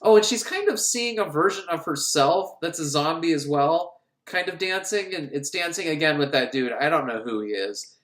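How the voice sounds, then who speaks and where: A man's voice: on the high side, moderate pace. A man giving a casual, sarcastic film recap, acting out scenes as he goes. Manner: sarcastic, animated, acts out scenes. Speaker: film reviewer. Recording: roomy echo.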